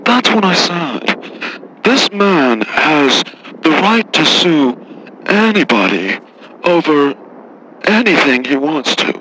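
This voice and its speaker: A man voicing a snooty, condescending rich caller in a radio comedy bit, talking slowly and patronizingly. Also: a little high, big pitch swings, pushed and bright, slight background noise, exaggerated voice, rough recording. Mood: haughty. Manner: slow, haughty, patronizing. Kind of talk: radio comedy prank call.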